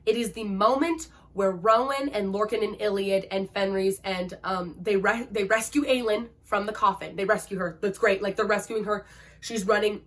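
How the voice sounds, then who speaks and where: A woman's voice: medium pitch, normal speed, fairly bright tone. A woman hosting an emotional book-review vlog, gushing and dramatic, peppering her talk with "like". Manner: gushing and dramatic, heavy use of "like". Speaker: book vlogger host.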